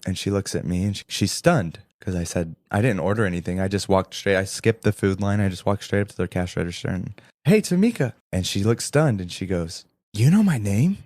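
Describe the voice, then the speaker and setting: Deep-voiced man telling an earnest testimony. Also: a little fast, hardly any pauses, no echo, clean studio sound. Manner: earnest, animated storytelling with quoted dialogue. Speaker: podcast co-host. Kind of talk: storytelling testimony.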